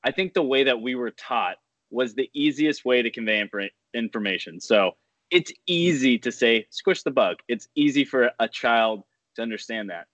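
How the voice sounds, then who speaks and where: A man's voice: medium pitch, expressive, moderate pace, a bit bright, no room sound, lo-fi sound. A man hosting a podcast, asking eager questions and thinking aloud in casual chat. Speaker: podcast host.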